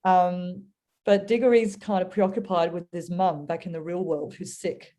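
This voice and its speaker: Woman guest, warm mellow tone, earnest storyteller sharing a reflection on faith. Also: on the low side, fairly even intonation, normal speed. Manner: earnest, storytelling, acts out voices. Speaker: guest speaker.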